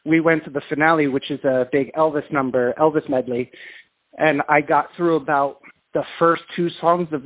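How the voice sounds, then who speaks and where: A man from England calls in as a guest and talks in an animated, self-deprecating rush, often restarting his sentences. His voice sits fairly high. It comes through a tinny, narrow phone line. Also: no echo. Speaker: guest singer and dancer. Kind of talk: casual storytelling over the phone. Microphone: telephone.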